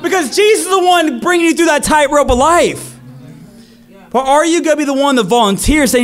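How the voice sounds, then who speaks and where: A man delivers a church sermon in a very high voice. He tells stories energetically, jumping into the voices of the people in them, with faint music behind him. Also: a little fast. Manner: energetic storytelling, acts out crowd voices. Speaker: preacher.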